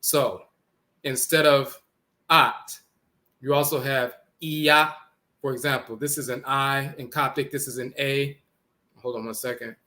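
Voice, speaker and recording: A man lecturing on language origins, deliberately spelling out letters and repeating each word as he points to text on screen. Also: mid-range voice, fairly even intonation, sharp tone.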